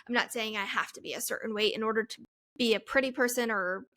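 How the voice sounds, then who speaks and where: Using a studio-style mic and headphones, a podcast host in her twenties runs a solo Q&A, rambling chattily and laughing at herself. She talks fast in a high, fairly bright voice.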